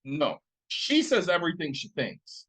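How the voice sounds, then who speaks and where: A man co-hosting a casual podcast. His speaking voice sits a little high. He is frank and reflective, and he swears casually while he talks things through. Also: sing-song, unhurried, fairly bright tone, low-quality recording. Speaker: podcast co-host.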